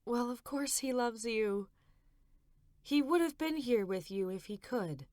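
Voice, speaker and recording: A woman voicing a young mother who speaks softly and carefully, gently anxious. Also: on the high side, lively intonation, a little slow, dry recording, clean studio sound, pitched above the performer's own voice. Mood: gentle. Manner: soft and careful.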